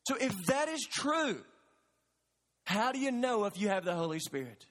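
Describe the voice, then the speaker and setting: A pastor preaches from the pulpit in a high, ringing voice. He is earnest and emphatic and presses the congregation with questions. His words carry a long reverb through the large sanctuary. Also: big pitch swings, normal speed, fairly bright tone. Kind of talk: sermon. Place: church sanctuary.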